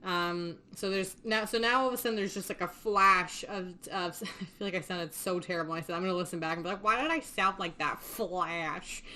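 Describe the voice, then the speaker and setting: A woman's voice: on the low side, quick pace, hardly any pauses, bright, forceful tone. A woman hosting a podcast, recapping a film scene by scene in casual chat, swearing freely and laughing often. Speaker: podcast host.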